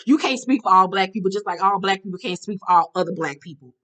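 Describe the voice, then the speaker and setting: A woman vlogger recapping a reality show episode in a blunt, profane, animated way. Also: medium pitch, fast. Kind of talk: casual storytelling recap.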